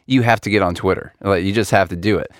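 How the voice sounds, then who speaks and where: A man's voice: deep voice, fast, dry recording, clean studio sound. A man co-hosting a casual political podcast, laughing often and reading an article aloud to his co-hosts. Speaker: podcast co-host.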